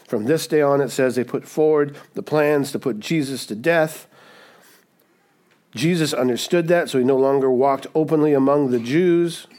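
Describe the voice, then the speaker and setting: A man delivers a sermon in a relaxed, conversational style with a slightly raised pitch. He drives his points home with emphasis and often checks in with his listeners. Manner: conversational, emphatic, with frequent "right?" asides. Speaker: pastor.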